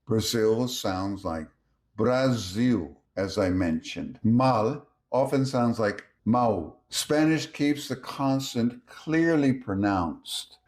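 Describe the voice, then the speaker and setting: Guy teaching languages, talks real slow and even, middle pitch. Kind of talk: scripted explanatory narration.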